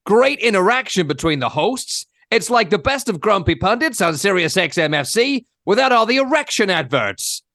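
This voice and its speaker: A man's voice: high-pitched, very animated, normal speed, hardly any pauses, fairly bright tone, no echo, clean studio sound, voice pushed up, heavily acted. A man reading a review aloud in a put-on American accent, mock-earnest. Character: man mimicking an American listener.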